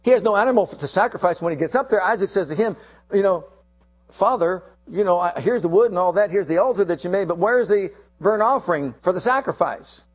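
A man preaching a sermon, acting out the quoted lines of the story. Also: fairly quick. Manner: animated, acts out quotes with shifting pitch.

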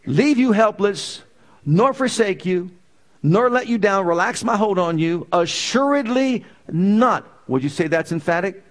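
A man's voice: high-pitched, lively intonation, a little slow. A man preaching a sermon in an emphatic way, repeating key phrases with building intensity.

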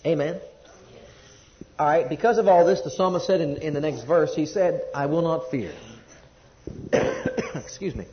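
A man's voice: fairly high pitch, a little slow, pauses often, slight background noise. A man preaching a sermon, reading scripture and repeating points emphatically, asking the congregation to respond. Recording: dull lo-fi recording.

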